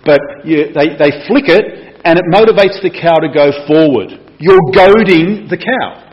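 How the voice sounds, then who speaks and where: A man's voice: fairly high pitch, animated, a little slow, slightly rough, highs cut off. A man giving a casual, chatty sermon and asking the congregation questions. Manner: chatty and playful, asks the room questions. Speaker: preacher.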